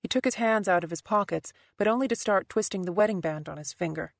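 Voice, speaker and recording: A woman narrating a thriller audiobook in a steady, even storytelling manner. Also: mid-range voice, quick pace, creaky, dry recording, clean studio sound. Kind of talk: scripted narration.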